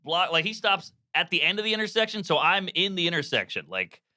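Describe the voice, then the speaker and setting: A man in his thirties, a comedian guest telling a wild story on a podcast, animated with sudden loud yelps. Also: high-pitched, fairly quick, no room sound, clean studio sound. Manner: animated, bursts into loud yelps and put-on voices.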